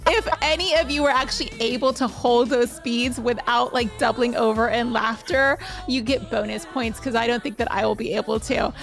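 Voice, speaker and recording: A woman coaching a guided treadmill workout, calmly counting down each interval. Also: a little high, moderate pace, vocal fry, hardly any pauses, faint music behind. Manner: calm, counts down in threes. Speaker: running coach.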